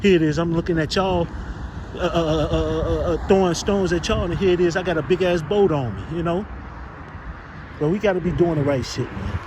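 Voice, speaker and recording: Fairly quick and pitched on the high side, this man's voice belongs to a street preacher. In an informal exhortation recorded outdoors on a noisy street, he rambles to his brothers and curses while reaching for lines of scripture.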